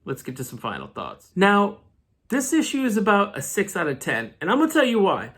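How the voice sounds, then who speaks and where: A man's voice: sits high, wildly swooping pitch, brisk, fairly bright tone. A man recapping a comic book issue in a casual vlog, with joking, slangy asides.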